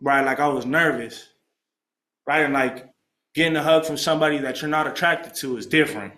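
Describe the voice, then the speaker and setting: A man's voice: on the high side, fairly quick. A young man tells his recovery story to a group in casual, slangy talk, acting out the voices of people he quotes. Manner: animated, acts out quoted voices, streetwise slang. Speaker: alumni speaker sharing recovery story. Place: meeting room. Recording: echoey room.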